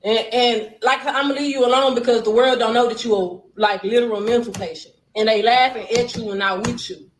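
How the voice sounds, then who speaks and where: A woman's voice: fairly high pitch, steady tone, brisk, few pauses, reverberant, a little hiss or hum, low-quality recording. A woman talking bluntly on a casual livestream, heated and cursing. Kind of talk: casual livestream and phone talk.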